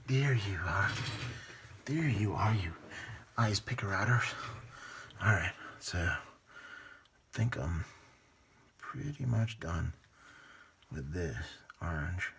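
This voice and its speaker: A man's voice: low voice, expressive, slow pace, gravelly, long pauses, background noise. A man hosting a hobby painting video, talking casually to himself as he works and often trailing into murmurs and whispers. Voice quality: mumbling, muttering to himself, drifts into whispers. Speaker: hobby painting channel host. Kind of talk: casual running commentary while painting.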